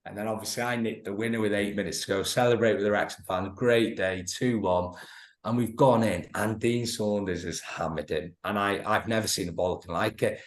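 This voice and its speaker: A man's voice: on the low side, steady tone, fairly quick. A man in his thirties, a former footballer, telling stories as a podcast guest, laughing often and acting out quotes. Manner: laughing storyteller, many restarts, acts out quotes. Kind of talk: anecdotal podcast chat. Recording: roomy echo.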